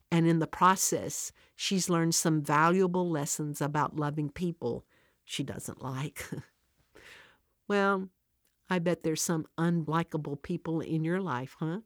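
A woman's voice: low voice, a little slow, no room sound, clean studio sound. A woman giving an earnest devotional talk, telling a story and speaking directly to the listener.

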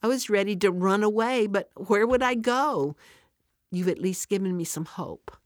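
A woman's voice: medium pitch, moderate pace, no room sound, clean studio sound, voice pushed up, lightly acted. A woman voicing a worried single mother near tears in a told devotional story, her voice rising as she pleads. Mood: distressed.

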